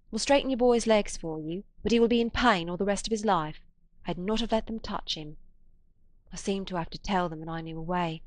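An anxious working-class woman, plain-spoken and tearful, begging to be heard, as a woman reading the book plays her. Her voice sits low and sounds dry and close. Storybook reading. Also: dry recording, close to an everyday voice. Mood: distraught. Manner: plain-spoken, pleading, emotional.

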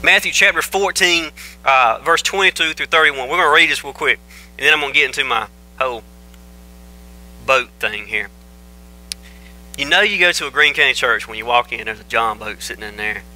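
Bright folksy preacher man. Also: medium pitch, a little fast, a little hiss or hum, rough recording. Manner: folksy, joking, conversational storytelling. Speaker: pastor. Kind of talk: casual folksy sermon. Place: church sanctuary. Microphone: microphone.

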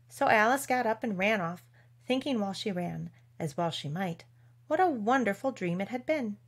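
Brief: a woman narrating a children's storybook, expressive and measured, middle pitch. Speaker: audiobook reader. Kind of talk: storybook reading.

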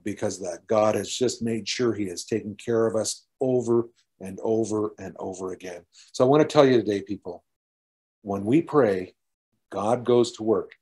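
Earnest, mellow-voiced middle-aged pastor. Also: male voice, on the low side. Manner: earnest storytelling with restarts. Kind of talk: testimony sermon.

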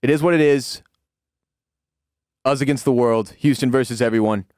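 A man's voice: normal speed, clean tone, dry recording, studio quality. Heated, profane man ranting about sports. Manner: profane, heated rant with sudden shouted peaks; drops to low, weary tone when calming down. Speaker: podcast host. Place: home room with dogs.

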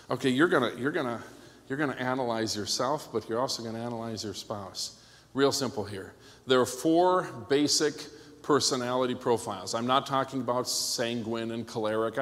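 A man preaching a conference sermon as a pastor, animated and joking, often checking with the crowd by asking "okay?". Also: medium pitch. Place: church hall. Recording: long hall reverb.

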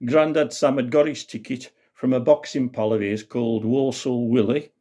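A man's voice: medium pitch, steady tone, normal speed, dark tone. A man with a Black Country accent telling a comic tale in a folksy, dialect-rich way. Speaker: storyteller. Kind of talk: comic storytelling.

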